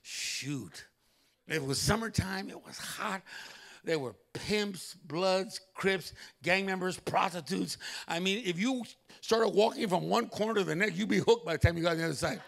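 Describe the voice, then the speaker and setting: A male pastor preaching a sermon in a church, telling stories animatedly with loud exclamations. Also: high voice, normal speed, creaky.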